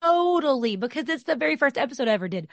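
A woman's voice: on the high side, expressive, vocal fry, fairly bright tone, no room sound, muffled recording. Quippy female podcast host, dry close sound. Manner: sarcastic, chatty, quick quips. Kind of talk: casual podcast chat.

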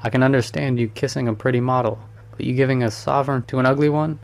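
A man's voice: medium pitch, steady tone, quick pace, vocal fry, darkish tone, close to an everyday voice. A man reading a storybook, voicing an amused, worldly male painter who teases his friend. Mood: teasing. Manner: teasing, breezy.

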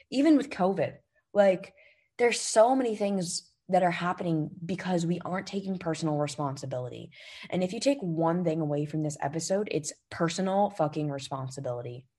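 Woman, podcast host, husky, fairly low voice, motivational talk, emphatic, direct. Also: darkish tone. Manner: emphatic, coaching, swearing freely. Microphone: podcast microphone.

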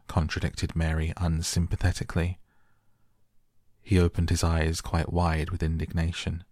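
A man reading a storybook aloud softly at bedtime, gentle and unhurried. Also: sits low, completely flat delivery, no echo, clean studio sound. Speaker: audiobook narrator.

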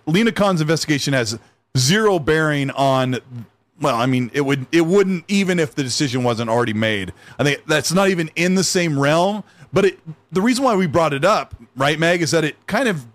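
A man's voice: on the high side, no echo. A man co-hosting a casual gaming news podcast, joking around and reading out viewer donations. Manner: jokey, reads chat donations aloud. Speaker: podcast co-host.

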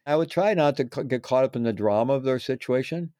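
A man's voice: medium pitch, fast, warm tone, no echo, clean studio sound. A man talking as an interview guest, earnest and reflective, often restarting words and adding "right?" tags. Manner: earnest, repeats words, adds tag questions. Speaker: guest, former prisoner teaching meditation practice.

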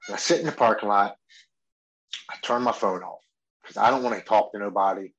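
A man's voice: fairly low pitch, a little fast, fairly bright tone, dull audio. A man giving a candid personal testimony in an earnest storytelling manner, often stumbling over restarts. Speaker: speaker sharing his recovery story.

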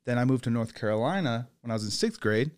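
A young man who grew up in England but speaks with an American accent is a guest on a podcast, chatting casually and laughing often. He's an animated storyteller with a fast delivery and a medium-pitched voice that is clear and resonant.

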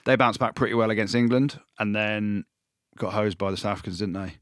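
A man co-hosting a casual sports podcast, chatty and excitable, his voice jumping up when he jokes. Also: a little fast, no room sound, studio quality. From Wales. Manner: excitable, jumps up in pitch when joking. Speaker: podcast co-host, pundit.

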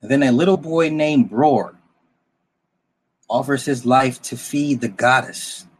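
A man with a husky, slightly rough voice talks through a story recap in a casual, rambling way. He is blunt and drops the odd curse, often restarting his sentences and turning to the listener with quick asides. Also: medium pitch. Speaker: film plot recapper.

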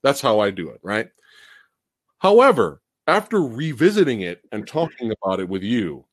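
Animated, foul-mouthed man ranting. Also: on the high side, moderate pace, dry recording. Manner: animated, profane, ranting with big laughs. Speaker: host. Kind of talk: casual podcast chat.

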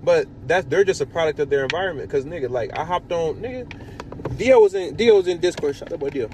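A man hosting a podcast in casual chat, telling profane, animated stories. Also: on the high side, quick pace, background noise. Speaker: podcast host.

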